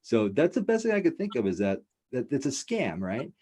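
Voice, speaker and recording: A man hosting a casual podcast, telling a wild story in a profane, rambling, animated way. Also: medium pitch, brisk, husky. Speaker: podcast host.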